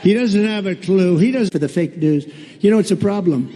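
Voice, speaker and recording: A man's voice: high-pitched, expressive, fairly quick, mellow. A man giving a rally speech in a blunt, repetitive, sarcastic manner. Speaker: political candidate at a rally. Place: large rally venue. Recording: long reverb of a large hall.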